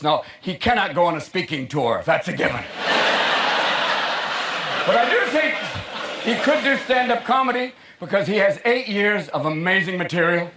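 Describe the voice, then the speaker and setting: Manic high-voiced male stand-up comic. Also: very animated, normal speed, very noisy. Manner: manic, jumps into shouted character voices. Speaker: stand-up comedian. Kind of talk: stand-up routine. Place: large theater stage with audience. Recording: echoey live theater recording, loud crowd.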